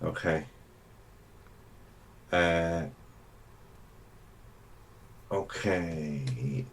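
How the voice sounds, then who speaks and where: A man's voice: low voice, drawn-out words, slight background noise. A man playing a tabletop game, hesitant and thinking aloud as he asks questions. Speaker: player.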